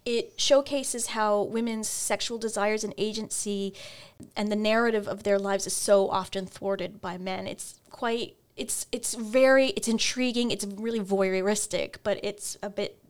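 A woman's voice: medium pitch, unhurried, few pauses, clear, resonant tone. A woman co-hosting a podcast, casually reviewing books and giggling between points. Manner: giggly, lively. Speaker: podcast co-host. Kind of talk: casual book chat.

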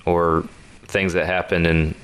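A man hosting a podcast, relaxed and casual, prompting guests for stories. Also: deep voice, unhurried, clear, resonant tone. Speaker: podcast host.

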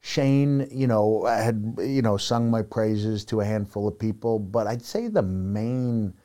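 A man's voice: fairly low pitch, fairly even intonation, slow pace, dark tone. A middle-aged man and former wrestler telling stories in a rambling, self-deprecating way, full of "you know" fillers. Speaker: podcast guest, retired wrestler. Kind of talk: casual storytelling chat.

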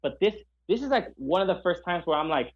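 A man co-hosting a podcast in casual chat, passionate and halting, often searching for his words. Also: high voice, lively intonation, husky, muffled recording. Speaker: podcast co-host.

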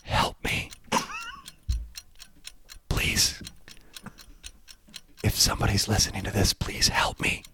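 A man playing a frightened trapped woman who pleads in a hushed, low voice for someone to rescue her. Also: monotone, slow, long pauses, a little hiss or hum. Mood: pleading whisper.

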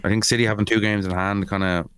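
A man's voice: fairly low pitch, level tone, quick pace, fairly bright tone. A man co-hosting a podcast in casual sports chat, rambling with lots of fillers and swearing. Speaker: podcast co-host.

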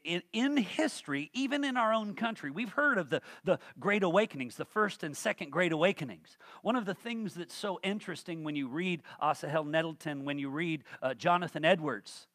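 A man with a high voice delivers a sermon in a folksy, joking way, then builds to fervent emphasis. The sound is dry and close, with no room around it. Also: animated, moderate pace, fairly bright tone, no echo. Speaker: pastor.

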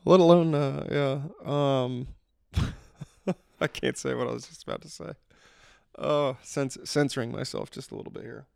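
Male podcast host, loose profane monologue, gravelly fry, dry sound. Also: mid-range voice, measured pace, pauses often, a little mellow, no room sound. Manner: rambling, profane, self-interrupting. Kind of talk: casual solo podcast monologue.

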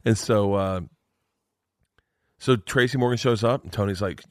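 A male stand-up comedian telling a story as a podcast guest, animated and profane. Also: lowish voice, unhurried, no echo, studio quality. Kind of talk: comic storytelling.

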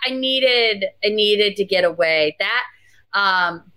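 A woman's voice: mid-range voice, lively intonation, slow, pushed and bright, clear, resonant tone. A woman co-hosting a podcast, chatty and self-mocking in casual conversation. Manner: chatty, laughs at herself. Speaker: podcast co-host. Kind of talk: casual chat.

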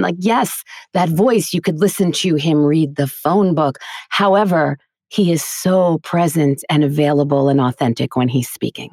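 A middle-aged woman with a deep voice and a gravelly fry talks with earnest, emphatic conviction. She sounds like a teacher sharing her craft in a casual podcast chat. The sound is close and dry, with no room echo. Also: a little mellow. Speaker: voiceover artist and teacher as guest.

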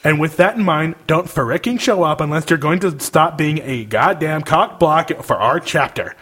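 Husky man reading aloud with mock outrage. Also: a little high, expressive, normal speed, a bit bright. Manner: mock-outraged reading, laughing between lines. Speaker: podcast co-host. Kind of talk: casual podcast chat, reading an email aloud.

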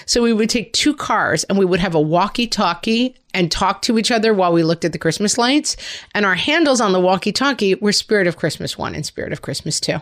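A middle-aged woman co-hosting a podcast, chatting casually and animatedly, often leaping up into high exclamations. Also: lively intonation, brisk. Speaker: podcast co-host. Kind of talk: casual chat.

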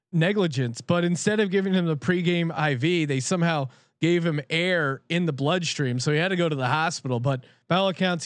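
A man's voice: a little high, no echo. A man co-hosting a sports betting show, talking bluntly and swearing freely as he gives his picks. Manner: blunt and profane, candid picks. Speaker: sports betting podcast co-host. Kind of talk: casual sports betting chat.

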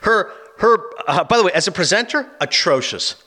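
A man hosting a casual chat, giving quick, opinionated retellings of an awards night. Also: high voice, lively intonation, pushed and bright. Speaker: podcast host.

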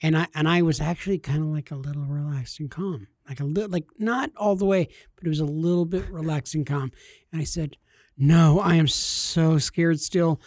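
Man, thirties, casual comic storytelling, rambling, self-deprecating, slightly high voice, dry sound. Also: a little fast, darkish tone, no echo. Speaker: host telling a story.

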